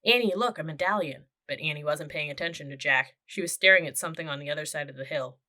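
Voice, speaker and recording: A woman narrating a children's audiobook with steady, clear storytelling. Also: sits low, quick pace.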